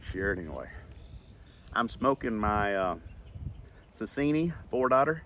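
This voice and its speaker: Man, folksy storyteller, low-pitched, outdoors with faint birds behind. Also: fairly bright tone, a little hiss or hum. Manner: folksy, rambling, heartfelt. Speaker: vlogger. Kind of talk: casual storytelling vlog.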